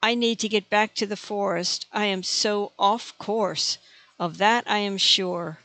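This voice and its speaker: A disoriented female dragon frets to herself about which way to go, as an audiobook narrator puts her on. Her voice is gravelly and sits at a middle pitch, recorded dry and close. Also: fairly even intonation, measured pace, sharp tone, no echo. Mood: determined. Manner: anxious inner thoughts.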